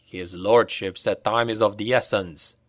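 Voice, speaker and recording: A man puts on a stern, gruff sergeant for an audiobook reading, barking orders in a low, slow, drawn-out voice. The sound is dry and close, with no room around it. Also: steady tone, fairly bright tone, dry recording. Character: stern hard-driving male soldier sergeant.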